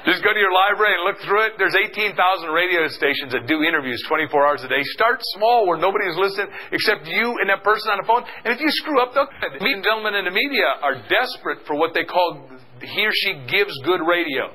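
A middle-aged man giving an energetic motivational seminar talk, calling out questions for the audience to answer. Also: sits high, poor audio. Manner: energetic, call-and-response with the audience. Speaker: seminar speaker.

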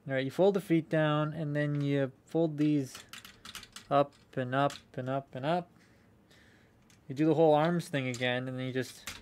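A man's voice: a little high, fairly even intonation, moderate pace, a little mellow, a little hiss or hum. A young man chatting casually on a live stream while unboxing collectible toys, rambling, swearing freely and answering viewer comments.

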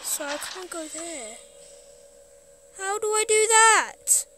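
A woman's voice: very high voice, lively intonation, takes it slowly, sharp tone, faint music behind. A woman playing a horror game, jittery and talking to herself as she goes. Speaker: gaming streamer. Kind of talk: horror game let's play.

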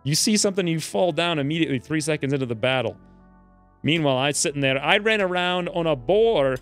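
A man's voice: fairly high pitch, a little fast. Joking man narrating gameplay, light music. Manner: joking, animated, voices his dwarf's rants. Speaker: let's play host. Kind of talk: casual gameplay commentary.

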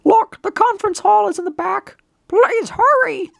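A woman voicing a small, excitable mushroom retainer who talks in a squeaky, hurried way. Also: gravelly, dry recording, heavily acted. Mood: chirpy.

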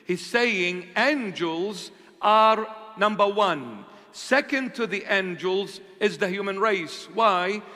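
A man's voice: sits high, bright, forceful tone. Male bishop, sermon, rhetorical questions, long echo of a church hall. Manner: asks and answers his own rhetorical questions; slow, deliberate emphasis. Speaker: bishop preaching.

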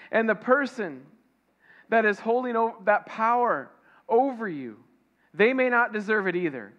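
A man's voice: sits high, a bit bright, highs cut off. A man preaching a conversational sermon, asking the congregation questions and acting out little dialogues. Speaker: pastor.

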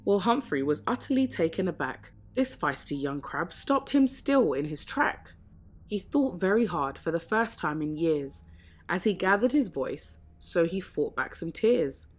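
A woman reading a rhyming picture book aloud in a gentle, measured way. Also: fairly low pitch, sing-song. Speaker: storybook reader. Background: soft background music.

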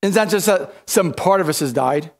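A man's voice: high voice, animated, a little fast, creaky. A man preaching a sermon in a church, emphatic, often repeating words and restarting. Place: church sanctuary.

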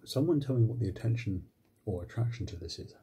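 A man's voice: fairly low pitch, lively intonation, fast talker, warm tone, slightly rough. A married man hosting a casual mukbang ASMR video at home, recorded on a phone, talking in a wry, self-mocking way and swearing casually. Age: adult, married. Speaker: ASMR channel host. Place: home with washing machine and computer running.

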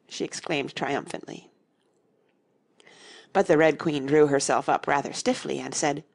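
A woman reading a classic children's story as an audiobook narrator, measured and expressive. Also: low voice, gravelly. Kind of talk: scripted narration.

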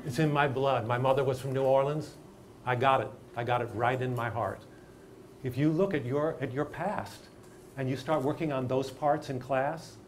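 Older male acting coach, mid-pitched, emphatic storyteller, faint background hiss. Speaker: acting teacher. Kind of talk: masterclass discussion.

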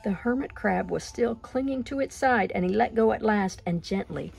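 A woman reading a children's picture book aloud at a gentle, expressive pace. Her mid-pitched voice carries a gravelly texture, and soft music plays faintly behind her. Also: normal speed. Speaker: storyteller.

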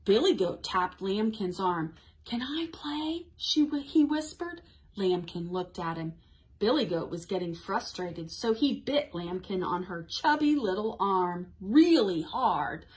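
A children's librarian runs a toddler storytime, reading a picture book aloud in an encouraging, sing-song way. Her mid-range voice has lively intonation and a measured pace.

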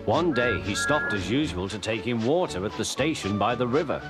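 A man from England with a Liverpool accent narrating a children's storybook in a lively manner, on old tape audio. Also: lowish voice, normal speed, over loud music.

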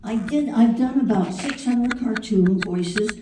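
A woman's voice: on the high side, unhurried. Playful older woman telling stories in a hall. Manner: playful, theatrical, chatty. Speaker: voice actress at a fan convention panel. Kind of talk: anecdotal storytelling to an audience. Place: large convention hall. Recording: echoey hall, mic from far off, faint noise.

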